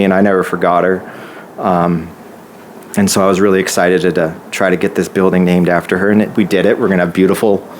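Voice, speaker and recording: A man's voice: lowish voice, a little hiss or hum. A man giving a speech at an opening ceremony, telling a personal story with many restarts. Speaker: housing nonprofit staff speaker.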